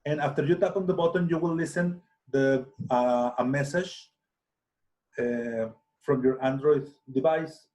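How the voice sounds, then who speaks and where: Slow, hesitant man teaching. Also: medium pitch, darkish tone. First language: Spanish. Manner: slow, hesitant, many restarts and fillers. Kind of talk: software tutorial screencast.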